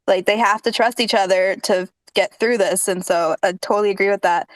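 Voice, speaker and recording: A woman's voice: medium pitch, steady tone, a little fast, dry recording, low-quality recording. A woman on a fan discussion panel, chatting in an upbeat, agreeable way. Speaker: podcast panelist.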